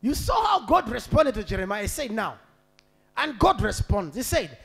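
A male pastor delivers a sermon in a strikingly high, husky, gravelly voice. His pitch swings widely as he shouts, half-sings and then drops to a near-murmur. Faint music plays underneath. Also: big pitch swings, normal speed. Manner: preaching with shouted peaks and sung phrases.

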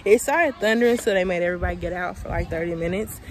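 A woman's voice: on the low side, quick pace. A woman vlogging casually outdoors at a lake beach, chatting to her viewers. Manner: chatty, addresses viewers as y'all.

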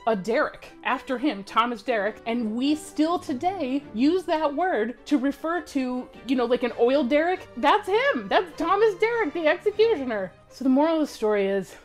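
A woman telling a comic history story in an animated, slangy, exaggerated way. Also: high voice, normal speed, few pauses, soft background music.

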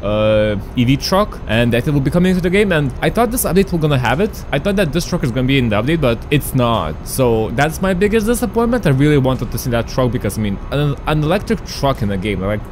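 A man giving casual, excitable commentary as a gaming streamer. He chats to his viewers and shouts at traffic. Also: mid-range voice, fast, hardly any pauses.

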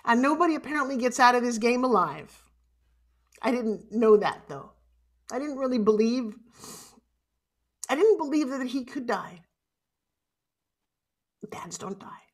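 A woman's voice: on the high side, lively intonation, normal speed, pauses often. A middle-aged woman giving a heartfelt motivational keynote speech, urging her audience and tearful at times. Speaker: motivational speaker. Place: conference stage.

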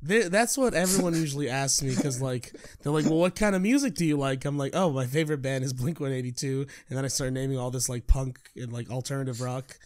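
Young male podcast co-host, casual storyteller who laughs easily, mid-pitched voice. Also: fairly quick, hardly any pauses, darkish tone. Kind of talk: casual chat.

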